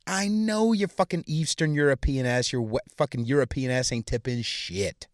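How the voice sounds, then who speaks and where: Clean studio audio with no room sound captures a young man hosting a podcast as he rants alone, crudely and with plenty of profanity, for comic effect. He speaks at normal speed in a medium-pitched voice.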